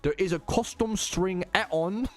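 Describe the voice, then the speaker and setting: Cheeky exaggerated British lad, put on by a male streamer, pitched up high. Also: measured pace, faint music behind. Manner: overdone slangy banter, high and bouncy. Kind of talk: streamer putting on a joke accent.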